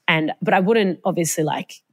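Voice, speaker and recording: A woman's voice: lowish voice, moderate pace. A young Australian woman co-hosting a podcast, telling a personal story in a casual, chatty way and swearing freely. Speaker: podcast co-host. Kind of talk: casual chat. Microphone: podcast mic, remote call.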